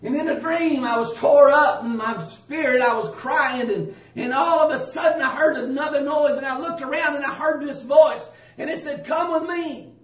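A man's voice: extremely high pitch, moderate pace, hardly any pauses. A man giving an emotional testimony about a dream, crying out dramatically and repeating himself. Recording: echoey room, mic at a distance.

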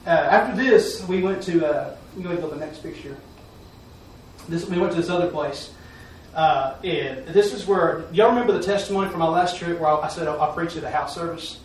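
The preacher's voice leans high and moves a little fast as he shares a folksy, repetitive testimony at church, returning again and again to "I'm telling you." The mic sits far away in an echoey room, picking up faint noise.

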